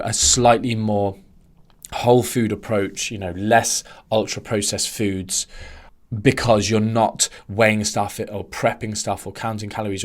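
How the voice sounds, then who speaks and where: Male podcast host, fairly low voice, casual animated rant full of asides. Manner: ranting, animated, swerving into tangents. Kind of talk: casual solo podcast monologue.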